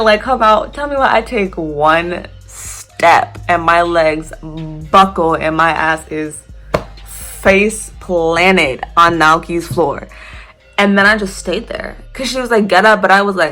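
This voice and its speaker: Young woman from the US, slightly low voice, loose swearing storytime chat with laughs, faint music underneath. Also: moderate pace, a bit bright. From United States. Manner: chatty, swearing, laughing, filler-heavy. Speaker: vlogger telling a story. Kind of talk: casual storytime vlog.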